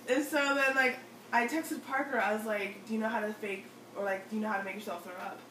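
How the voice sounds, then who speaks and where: A woman's voice: a little high, steady tone, quick pace, fairly bright tone, slight background noise. A young woman telling a story to friends in a chatty way, saying "like" often and acting out what people said. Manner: chatty, heavy use of "like", acts out quotes. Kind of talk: casual storytelling chat. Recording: roomy sound, mic at a distance, faint ambience.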